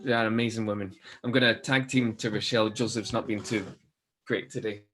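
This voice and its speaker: A man recalls a friend over a video call in a loose, informal way, dotted with fillers. His voice sits somewhat low. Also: steady tone, a little fast, a bit bright, a little hiss or hum. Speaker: church member sharing a memory. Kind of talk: casual heartfelt sharing on a video call.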